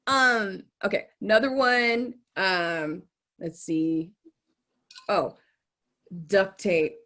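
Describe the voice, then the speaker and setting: A woman's voice: medium pitch, steady tone, very slow, fairly bright tone. A woman co-hosting a podcast, chatting casually and bluntly about a TV show, with plenty of swearing and laughing asides. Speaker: podcast co-host.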